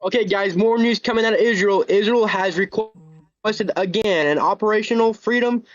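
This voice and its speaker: Man on dull, dry voice chat, high voice, offhand news updates on a stream. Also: normal speed, dry recording. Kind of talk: casual livestream chat.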